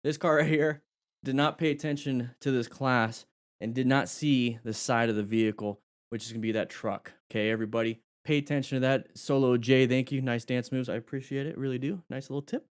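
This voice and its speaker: A man teaching a live motorcycle riding class to his viewers, energetic and a bit out of breath. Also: medium pitch, a little fast, clear, resonant tone. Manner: energetic, talks to viewers directly.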